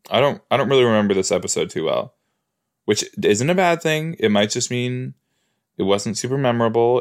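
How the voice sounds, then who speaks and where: A man hosting a podcast, chatting casually and rambling with playful asides as he reacts to a TV episode he is watching. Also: mid-range voice. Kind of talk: casual watch-along commentary.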